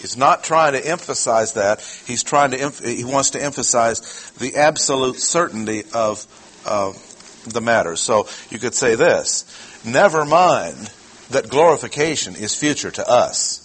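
A man delivers a teaching sermon in a steady mid-range voice, pressing his points with rhetorical questions and repetition. A faint background noise sits under the recording. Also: mid-range voice, a little slow, rough recording. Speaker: preacher.

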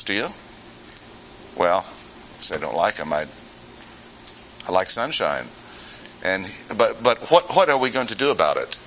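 A man's voice: fairly low pitch, expressive, normal speed, long pauses, a bit bright, a little hiss or hum, low-quality recording. A man preaching an expository sermon in a conversational way, with rhetorical questions and humorous asides.

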